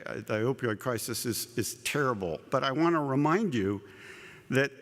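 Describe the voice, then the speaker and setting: A man's voice: medium pitch, a bit bright. Man lecturing in an echoing hall. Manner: conversational, repeats words, asides with humor. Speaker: conference speaker. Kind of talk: plenary scientific lecture. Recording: long echo of a large hall.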